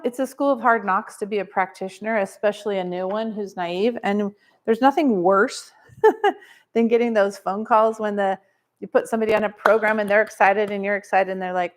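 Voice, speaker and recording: A woman teaching a live seminar to an audience, energetic and coaching, full of rhetorical questions. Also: medium pitch. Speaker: wellness business trainer.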